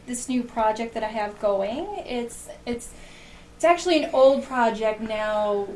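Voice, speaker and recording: Chatty guest, Midwestern woman with a Wisconsin accent, bright laugh, faint hiss behind. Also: a little high, a little slow, roomy sound, rough recording. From American Midwest. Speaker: guest burlesque show producer. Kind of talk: casual chat.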